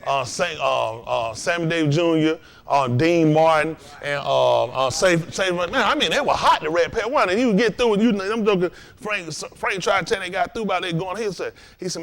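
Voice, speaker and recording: A man hosting a casual lesson stream. He tells stories in an animated, laughing way. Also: high voice, fairly quick. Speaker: host and teacher. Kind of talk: casual joking lesson talk.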